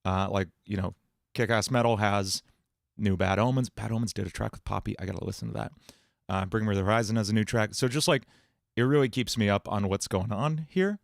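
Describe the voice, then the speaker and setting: A man's voice: lowish voice, fairly quick, gravelly, dry recording, studio quality. A man chatting casually on a livestream as a streamer and musician, in a rambling, jokey way with frequent restarts.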